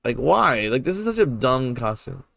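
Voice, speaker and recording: Young male streamer, loose and profane, lively swings in pitch, dry close sound. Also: normal speed, creaky, no echo. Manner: rambling, swears freely, laughs often. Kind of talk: casual gameplay commentary.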